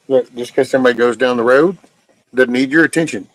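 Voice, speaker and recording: An older man in his sixties talks straight and salty to his live-stream viewers, folksy and unfiltered. His voice sits in an ordinary middle pitch. The sound is dry and close, with no room echo. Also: quick pace. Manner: blunt, folksy and profane. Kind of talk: casual live-stream chat reading comments.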